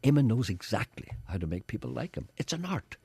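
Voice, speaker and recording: A man talks fast on his radio show, rambling and opinionated, his pitch leaping all over. His voice is a touch husky, recorded close and dry in a studio. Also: sing-song, darkish tone, no echo. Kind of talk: casual radio chat. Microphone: studio microphone.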